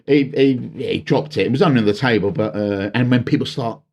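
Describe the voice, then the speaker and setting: A man's voice: mid-range voice, noisy background. A man, a wedding DJ, telling stories in casual podcast chat, with lots of fillers and restarts. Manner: animated storyteller, halting fillers and restarts.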